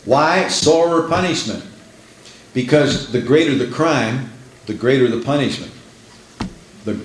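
Emphatic preacher man in a roomy space. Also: medium pitch. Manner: emphatic, repeats phrases for effect. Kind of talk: sermon. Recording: roomy echo.

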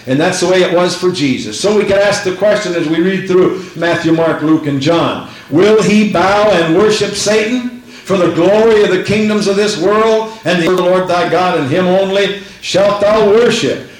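Fervent high-voiced man preaching a sermon. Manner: fervent preaching, repeating phrases for emphasis, reading scripture aloud. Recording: echoey room.

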